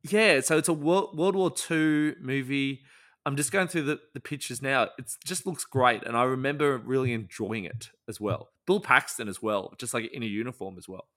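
Jokey podcast co-host. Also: male voice, mid-range voice, normal speed, a bit bright. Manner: playful, jokey asides. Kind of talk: casual chat.

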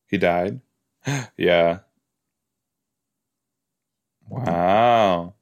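A man hosting a podcast, chatting casually as he reacts to a TV episode, easily amused and quick to gasp and laugh. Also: on the low side, lively intonation.

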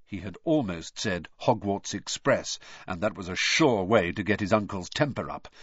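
A man narrating a storybook in an expressive, dramatic reading. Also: low-pitched, moderate pace, breathy edge, no echo. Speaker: audiobook narrator. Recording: dry, slightly dull recording.

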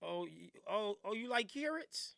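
Man, podcast host, high voice, gravelly, teasing, slangy. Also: animated, measured pace, fairly bright tone, dry recording. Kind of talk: casual podcast chat.

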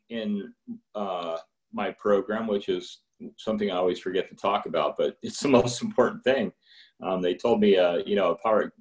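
Sharing his story at a recovery meeting, this low-voiced middle-aged man offers personal testimony in a candid, rambling way. He restarts often and voices the people on phone calls in a higher pitch.

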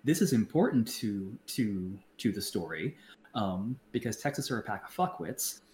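A man co-hosting a podcast in casual chat, blunt and profane, talking in halting stops and restarts. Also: on the low side, lively intonation, darkish tone. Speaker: podcast co-host. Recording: roomy echo, faint background noise.

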